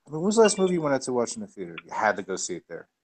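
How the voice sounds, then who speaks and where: A man's voice: medium pitch, wildly swooping pitch, rapid-fire, slight background noise. A man hosting a casual livestream chat, rambling with lots of fillers and easy laughs. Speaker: podcast host.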